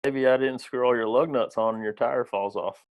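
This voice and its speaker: A man's voice: medium pitch, fairly even intonation, moderate pace, a little hiss or hum. A man from South Carolina with a Southern US accent, a student in a class, making dry joking replies.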